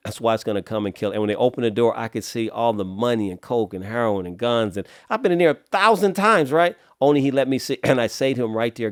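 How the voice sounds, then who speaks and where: A middle-aged man from Los Angeles tells his story as a podcast guest, animated and streetwise, often pausing to clear his throat. His voice is smooth and resonant. The sound is dry and close, with no room around it. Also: fairly low pitch, no echo. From Los Angeles, USA. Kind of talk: storytelling in a casual interview.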